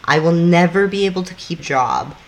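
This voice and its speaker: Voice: medium pitch, a little fast, a little hiss or hum. Chatty podcast co-host. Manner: loose and chatty, swears casually, acts out little scenes. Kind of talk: casual chat explaining a topic.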